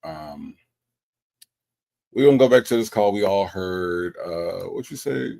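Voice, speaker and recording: A man hosting a casual livestream who reads viewer comments aloud and reacts with animated, teasing remarks. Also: low voice, measured pace, gravelly, pauses often.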